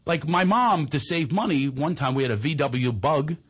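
A middle-aged man telling funny, self-mocking stories to a table of hosts. His voice is husky and a touch high, with lively swings in pitch. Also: moderate pace. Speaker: guest storyteller. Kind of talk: comic anecdote on a talk show.

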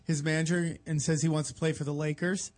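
A man with a high voice trades crude jokes in a casual chat. His delivery is loose and conversational, full of swearing. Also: level tone, brisk, darkish tone. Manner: crude, bantering.

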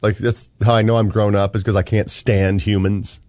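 A man's voice: lowish voice, little pitch movement, normal speed, a little mellow, no echo. A man in casual chat who asks blunt questions in a dry manner.

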